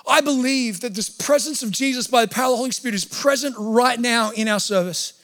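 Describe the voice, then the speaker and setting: A man's voice: extremely high pitch, a little fast, a bit bright. Earnest man preaching a sermon. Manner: earnest, conversational preaching with acted-out quotes. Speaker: pastor. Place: church hall.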